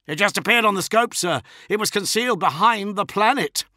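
A man playing an alarmed, rushed tracking officer. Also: high voice, sharp tone, no room sound, studio quality, pitched above the performer's own voice. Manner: crying out, rushed reports.

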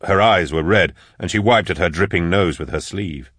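Male audiobook narrator, very deep voice, dry close sound, measured. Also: a bit bright, breathy edge, no echo. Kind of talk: scripted narration.

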